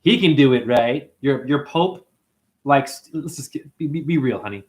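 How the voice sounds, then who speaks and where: Pitched in the middle and paced evenly, this man runs a livestream where he rambles through stories. He's profane and excitable, replying to viewer comments along the way.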